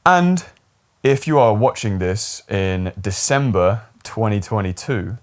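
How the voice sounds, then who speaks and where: A young man talking to camera at his desk, giving relaxed, rambling advice with lots of fillers. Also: lowish voice, slow. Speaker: YouTube coach on talking to camera. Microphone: camera mic, seated at desk.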